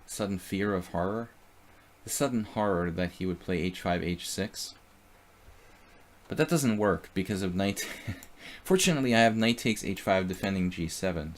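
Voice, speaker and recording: Low-voiced man thinking aloud over chess. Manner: thinks aloud about moves and chats with viewers. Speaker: chess streamer. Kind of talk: live chess commentary.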